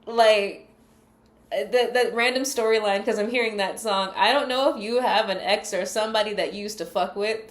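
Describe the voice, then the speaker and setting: A woman's voice: medium pitch, normal speed, echoey room. A woman giving a casual tarot reading, chatty, loose and full of profanity. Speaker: tarot card reader.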